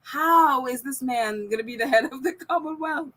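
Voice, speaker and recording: Woman podcast host, high and bright, chatty ranting delivery with lots of laughs. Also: normal speed, few pauses. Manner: ranting, laughs often between phrases. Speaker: podcast host reading viewer comments. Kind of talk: casual opinion chat.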